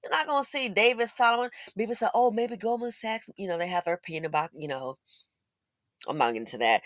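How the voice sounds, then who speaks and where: A woman's voice: lowish voice, fast talker, dry recording, studio quality. A woman giving blunt, sarcastic opinion commentary as a channel host, scolding and mocking as she talks.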